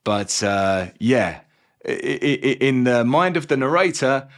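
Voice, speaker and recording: A man with a softened Cockney accent talks through a book in a chatty, joking way. His pitch swings a lot as he goes, and he drops quick asides between points. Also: lively intonation. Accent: mild Cockney. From England. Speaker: book reviewer. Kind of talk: casual video review.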